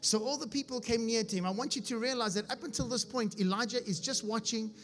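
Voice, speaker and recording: A man's voice: extremely high pitch, fast talker, a bit bright, soft background music. A man preaching, reading scripture aloud and explaining it with humor, often asking if his listeners follow. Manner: asks his audience if they follow. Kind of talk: sermon.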